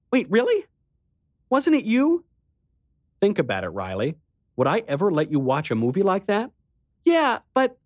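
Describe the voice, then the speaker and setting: A man voicing a frightened young woman, a little sister who is tearful but mischievous, speaking high, quick and eager. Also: dry recording, studio quality.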